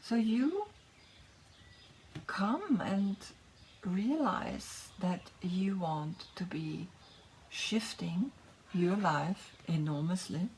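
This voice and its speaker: A woman giving a gentle tarot reading that is part guided meditation, talking softly, often slipping into a whisper, and checking in with frequent "right?". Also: fairly low pitch, animated, drawn-out words, long pauses, a little hiss or hum. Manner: soft, often drifting into a whisper; gentle, encouraging, with frequent tag questions. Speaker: tarot reader.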